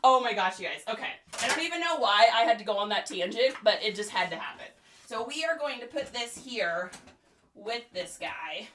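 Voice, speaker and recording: High, bright chatty woman. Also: lively intonation, moderate pace, a little hiss or hum. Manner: chatty, playful, laughs a lot. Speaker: online reseller. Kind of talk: casual vlog.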